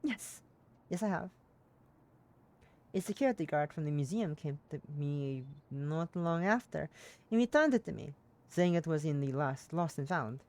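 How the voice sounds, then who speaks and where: A streamer voicing a polite, soft-spoken young woman in a game, aiming for a Russian accent that slips. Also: medium pitch, animated, measured pace. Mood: gentle. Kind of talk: reading a game character aloud.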